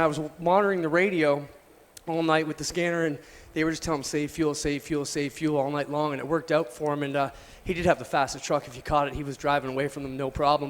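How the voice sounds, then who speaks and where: A man who manages a speedway, telling racing stories in casual booth commentary over a headset mic. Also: fairly high pitch.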